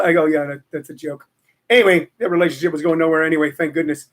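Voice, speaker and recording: Rambling high-voiced male host. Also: racing. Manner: rambling, opinionated, lots of fillers and repeats. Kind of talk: casual storytelling chat.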